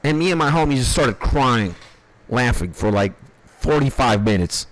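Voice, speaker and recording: A man's voice: medium pitch, lively intonation, moderate pace, no echo. A man on a stream, telling a rambling, profane anecdote with bursts of laughter in casual storytelling.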